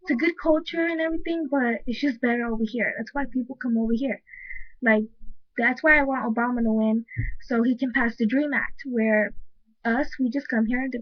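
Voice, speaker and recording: A woman's voice: fairly high pitch, steady tone, brisk, no echo. A woman from the United States ranting emphatically to camera in a casual vlog, filling her talk with "like" as she argues her point. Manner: says "like" constantly, heated and emphatic. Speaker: vlogger. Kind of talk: casual opinion rant to camera. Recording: dull lo-fi webcam audio, dry.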